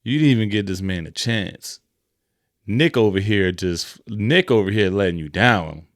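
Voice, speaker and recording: A man's voice: fairly low pitch, measured pace, no echo, clean studio sound. A man co-hosting a podcast, ranting in emphatic, slangy casual chat. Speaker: podcast co-host.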